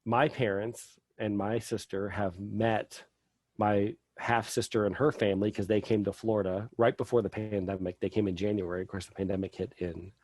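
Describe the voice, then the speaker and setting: A man's voice: on the low side, little pitch movement, moderate pace, a little mellow, dry recording. A middle-aged man telling a personal story as a podcast guest, rambling with lots of fillers.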